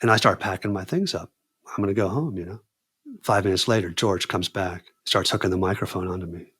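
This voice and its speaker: A man with a deep, husky voice talks fairly quickly as a podcast guest sharing a story. He animatedly acts out quoted dialogue, and "dude" and "man" come up constantly in his casual speech.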